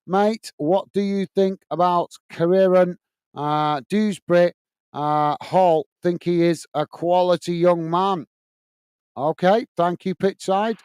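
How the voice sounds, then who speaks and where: A man's voice: high-pitched, fairly even intonation, takes it slowly, darkish tone, clean tone, dry recording. A man hosting a live football watch-along, casually reading out and answering viewer comments with plenty of fillers. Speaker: host.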